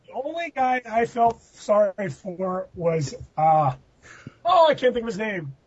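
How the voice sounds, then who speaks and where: A man's voice: high voice, sing-song, unhurried, breathy edge. A man hosting a podcast, telling rambling anecdotes in a casual chat with laughing outbursts. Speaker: podcast host. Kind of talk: casual storytelling. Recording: muffled dry lo-fi recording.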